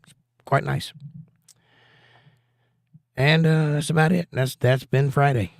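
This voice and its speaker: Laid-back middle-aged man hosting a live chat show, folksy and unhurried, dry close-miked sound. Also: fairly high pitch, steady tone, vocal fry, no room sound. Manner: easygoing, folksy, reads chat aloud. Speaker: livestream host. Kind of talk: casual chat reading viewer comments.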